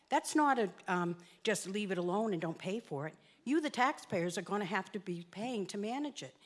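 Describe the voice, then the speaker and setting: Earnest woman at a town meeting mic. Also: medium pitch. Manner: earnest, slightly shaky and emotional. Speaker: open space commission member speaking at town meeting. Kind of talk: public comment at a town meeting.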